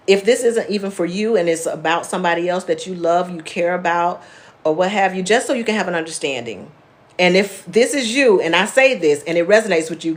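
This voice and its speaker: A woman therapist hosting a live wellness class, explaining in a plainspoken, conversational way and answering viewers' comments by name. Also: mid-range voice. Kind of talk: casual live-stream teaching.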